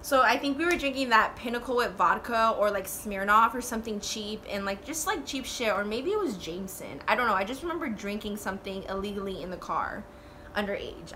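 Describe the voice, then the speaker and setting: A woman in her twenties telling a storytime vlog in a casual, animated way, swearing and saying "like" a lot. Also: medium pitch, a little fast, background noise. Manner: animated, swearing, full of "like" fillers.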